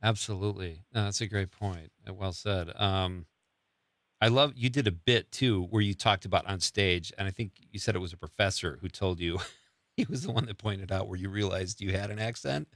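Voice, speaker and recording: A man hosts the interview in an upbeat, chatty way. His voice is bright and forward. The sound is dry and close, with no room around it. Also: low-pitched, moderate pace, no echo. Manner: chatty, laughs along, upbeat. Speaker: interview host. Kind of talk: casual interview chat.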